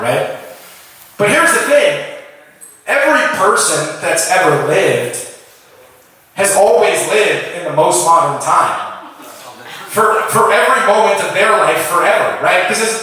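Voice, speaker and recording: Young man, stand-up comedian, fairly high voice, bright tone, very echoey room, mic set back. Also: far from the mic. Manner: animated, riffing with the crowd, quick asides. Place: comedy venue with a live audience.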